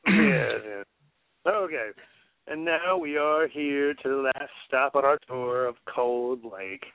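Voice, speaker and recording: Male co-host, slow and laid-back, dry close tinny phone-quality audio. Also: mid-range voice, animated, no room sound. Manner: laid-back, introduces tracks, casual cursing. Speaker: co-host reviewing an album. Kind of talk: casual radio banter.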